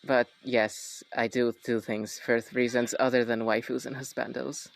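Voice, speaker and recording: A man's voice: medium pitch, flat delivery, moderate pace, vocal fry, rough recording. A man hosting a casual chat, joking and correcting himself in an offhand way. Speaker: host.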